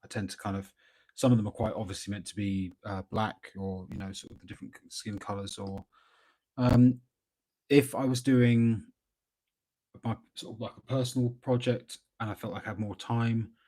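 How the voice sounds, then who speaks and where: A man giving relaxed, rambling commentary while painting miniatures live, thinking aloud with lots of fillers. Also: lowish voice, normal speed. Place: at a hobby desk at home.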